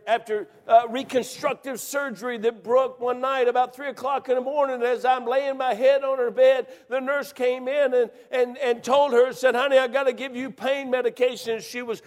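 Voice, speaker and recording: A man preaching a sermon, telling a personal story with rising emotion and bursts of shouting. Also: very high-pitched, big-room sound.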